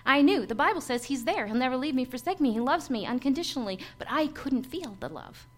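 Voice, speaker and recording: A woman pastor preaching a sermon and telling a personal testimony, swinging from hushed to emphatic. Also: sits high, very animated, fast talker.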